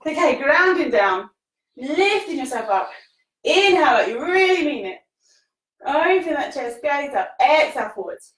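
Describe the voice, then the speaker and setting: A woman's voice: high-pitched, big pitch swings, moderate pace, fairly bright tone. A woman leading a live-streamed yoga class, cueing breaths and poses in an encouraging, casual way while exercising and a little out of breath. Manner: encouraging, laughs often, casual British phrasing. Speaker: yoga teacher. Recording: echoey room, voice from the mic's distance.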